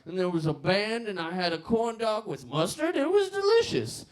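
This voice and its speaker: A man's voice: sits high, sing-song, normal speed, pitched above the performer's own voice. A young man voicing a rambling seventy-something alcoholic telling an offhand war story. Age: 70s.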